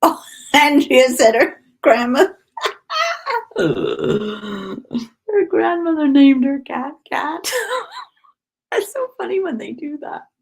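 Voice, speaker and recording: Chatty woman, gravelly edge. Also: high voice, expressive, slow, long pauses. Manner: chatty, laughs often, greets viewers by name. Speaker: crafting livestream host. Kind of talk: casual chat while cross-stitching.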